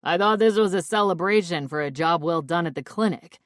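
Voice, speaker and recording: A smug, smirking man , put on by a woman narrator, whose words come out loud and breezy with a self-satisfied chuckle underneath. Low-set voice, dry studio sound. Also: fairly quick, no room sound, lightly acted.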